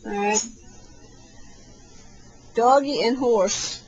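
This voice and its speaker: Playful mother in her thirties reading to her toddler, high unhurried voice; home camcorder recording with audible background noise. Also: expressive, muffled recording. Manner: playful sing-song, animal noises and frequent laughter. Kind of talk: home video, reading a picture book to a baby. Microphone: built-in camcorder mic.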